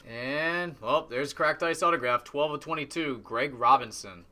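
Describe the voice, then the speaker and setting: A man's voice: a little high, normal speed, sharp tone. A man casually reading out trading cards as he opens packs on a live stream. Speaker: card box breaker. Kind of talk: live-streamed card break commentary.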